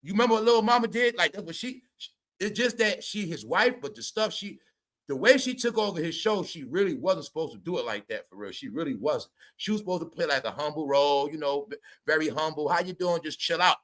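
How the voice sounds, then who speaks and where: A man's voice: fairly high pitch, lively intonation, brisk, fairly bright tone. A man giving casual, comedic commentary as a vlogger, rambling, swearing, laughing and stammering as he talks.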